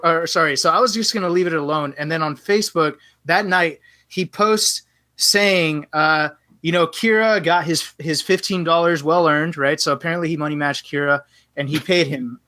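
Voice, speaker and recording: This male podcast guest has a voice on the high side, captured in a dry recording. He tells a long story in a relaxed way but with plenty of animation, acting out both speakers in the dialogue.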